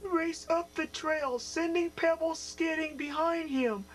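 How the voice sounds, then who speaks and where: A woman's voice: very high voice, slow, slight background noise, low-quality recording. A woman voicing a male puppet host who reads a picture book aloud to children. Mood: storytelling. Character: male puppet host, friendly storybook reader.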